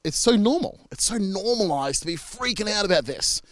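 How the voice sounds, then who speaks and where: A man's voice: sits high, animated, brisk, dry recording. Chatty Australian man, dry sound. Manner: chatty and reassuring, with frequent fillers and restarts. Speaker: marriage celebrant. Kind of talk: casual talk to camera.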